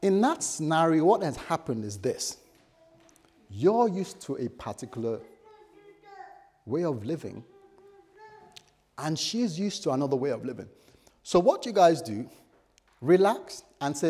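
A man preaching a sermon in a relaxed, conversational way, acting out little everyday scenes as he teaches. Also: fairly high pitch, moderate pace, pauses often, slightly rough. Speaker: pastor.

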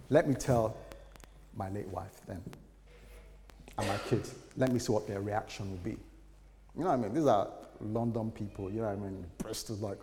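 A man preaching as a pastor, telling a personal story with lively acted quotes. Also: on the low side, fairly quick, slight background noise. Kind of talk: sermon. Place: church. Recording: church hall reverb, faint ambience.

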